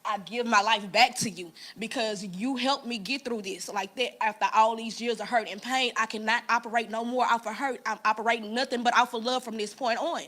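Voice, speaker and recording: Earnest bright-voiced woman telling her story. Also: a little high, a little fast, hardly any pauses. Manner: earnest storytelling, quotes people in lively voices. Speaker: guest sharing testimony. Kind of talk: casual church talk, personal story.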